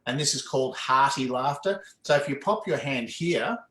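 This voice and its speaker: Animated man laughing as he explains. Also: medium pitch, moderate pace. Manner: animated, breaks into hearty laughs. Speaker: laughter yoga facilitator. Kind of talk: explanatory demonstration in an interview. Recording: roomy echo.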